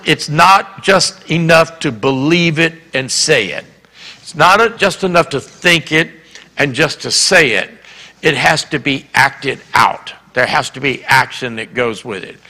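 A man's voice: on the high side, bright, forceful tone. A man with a Southern US accent preaching a sermon as pastor, telling a story and acting out the dialogue. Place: church sanctuary. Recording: reverberant church hall.

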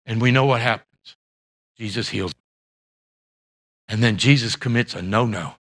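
A man preaching a sermon as pastor of a church, impassioned, rising to shouts and acting out the voices of Bible characters. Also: mid-range voice. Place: church sanctuary.

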